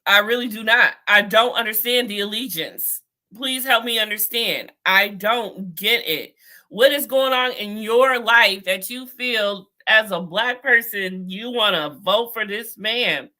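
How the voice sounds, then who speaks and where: A woman's voice: medium pitch, unhurried, bright, forceful tone. A young adult woman giving outspoken, exasperated political commentary, talking straight to her viewers. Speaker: vlogger.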